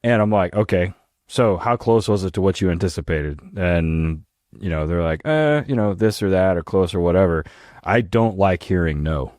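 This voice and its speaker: A deep-voiced man co-hosts a casual podcast, telling stories in a blunt, profane, animated way. His low voice sits close and dry on the mic, with no room sound. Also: moderate pace, no room sound. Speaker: podcast co-host, police dog program lead. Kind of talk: casual chat.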